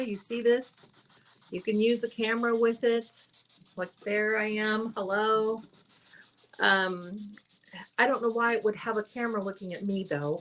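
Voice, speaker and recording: A woman's voice: mid-range voice, fairly bright tone, poor audio. A woman psychic hosting a live stream, chatting casually and rambling through stories. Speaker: psychic host.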